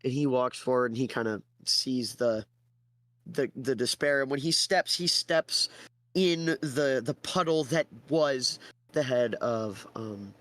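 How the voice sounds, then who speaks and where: A man's voice: medium pitch, measured pace, fairly bright tone, no room sound. A tired man narrating a tabletop game as game master, casual and hesitant with fillers.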